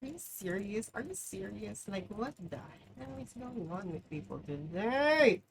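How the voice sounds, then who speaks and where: A woman's voice: medium pitch, animated, unhurried, background noise. A woman streaming live, commenting on her game in an exasperated, profane way, peppering her talk with "like". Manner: exasperated, profane, heavy use of "like".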